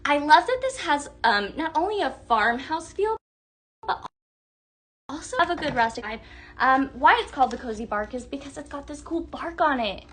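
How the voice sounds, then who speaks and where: A young woman with a bright, forward voice gushes through a casual live sales stream. She talks warmly to viewers, full of little fillers, and pitches a touch high for a woman. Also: animated, normal speed, slight background noise. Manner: chatty, gushing, reads viewer comments aloud. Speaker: livestream sales host. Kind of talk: casual live shopping demo.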